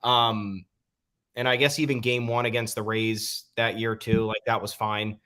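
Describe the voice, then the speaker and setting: A man's voice: on the low side, flat delivery, unhurried, bright, forceful tone, clean tone. A man co-hosting a casual sports podcast, opinionated and leaning on frequent "um" fillers. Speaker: podcast co-host.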